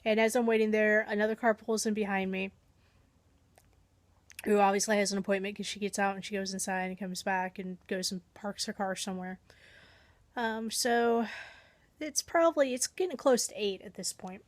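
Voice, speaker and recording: A woman's voice: medium pitch, fairly even intonation, moderate pace, no echo. A woman vlogger casually telling a long everyday story, chatty and self-deprecating, acting out her own thoughts as she goes.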